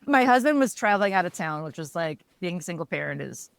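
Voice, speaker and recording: A woman co-hosting a podcast in casual chat, telling stories with laughter and quick self-corrections. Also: on the low side, sing-song, creaky, no echo. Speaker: podcast co-host.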